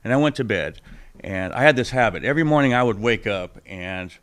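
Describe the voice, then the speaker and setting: A middle-aged man sharing his personal testimony as a podcast guest, animated and acting out the people he quotes, swinging between loud bursts and hushed asides. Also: lowish voice, brisk. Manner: animated storyteller who acts out the people he quotes.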